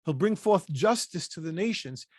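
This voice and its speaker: A man's voice: high voice, animated, normal speed, breathy edge, no echo, studio quality. A man leading a Bible study, reading scripture aloud and breaking in with short emphatic asides. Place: lives in Pennsylvania.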